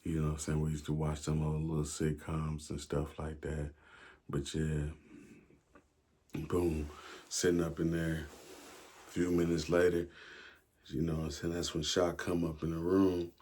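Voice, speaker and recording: A man's voice: a bass voice, little pitch movement, normal speed, long pauses, darkish tone, husky. A man telling a prison story in casual, slangy, profane talk, with many fillers. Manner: slangy, profane, keeps saying "you know what I'm saying".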